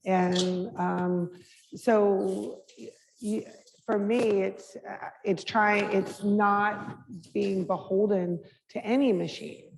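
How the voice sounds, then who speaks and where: A middle-aged woman speaking candidly at a public Q&A, with a gravelly, fry-laced voice. She talks frankly in loose, conversational sentences full of restarts. Her voice carries a long reverb and faint background noise from a lecture hall. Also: medium pitch, a little mellow. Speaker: mayor, guest speaker. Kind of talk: candid Q&A answers at a public talk.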